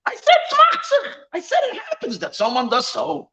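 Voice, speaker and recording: Brief: wise, gently amused old rebbe, mild and bemused, lively in pitch, as the storyteller puts him on. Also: male voice, moderate pace, heavily acted.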